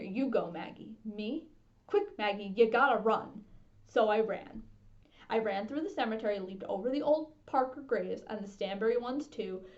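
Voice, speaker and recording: Woman reading a storybook aloud. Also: a little high. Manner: steady expressive reading. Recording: dull lo-fi sound.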